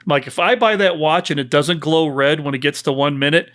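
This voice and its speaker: A man's voice: a little high, a little fast, a bit bright. A man co-hosting a podcast, chatting casually about a film, joking, sarcastic and swearing freely. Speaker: podcast co-host. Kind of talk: casual film-review chat.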